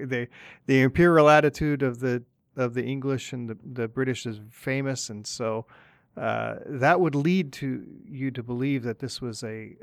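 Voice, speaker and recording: A man's voice: mid-range voice, no room sound. A man with a mid-range voice chats agreeably on a podcast, often stopping and restarting his sentences. The sound is close and dry with no room around it. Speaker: podcast co-host. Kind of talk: casual conversational podcast.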